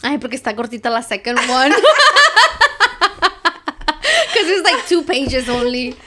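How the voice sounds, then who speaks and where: A woman co-hosting a podcast in casual chat, reacting with quick interjections. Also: a little high, lively intonation, fairly bright tone, slight background noise. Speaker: podcast co-host.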